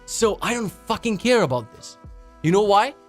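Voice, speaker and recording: A man's voice: high voice, big pitch swings, faint music behind. Profane, ranting male podcast host. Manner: swears a lot, restarts sentences, mocks people in quick put-on asides. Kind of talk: casual profane rant.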